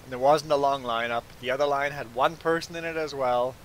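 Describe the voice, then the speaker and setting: A man from Belize streams a farming game and tells a story in relaxed chat, his medium-pitched voice fairly quick. Animated throughout, he stammers on repeated "I"s and mimics the people he quotes. The audio is poor, with slight background noise.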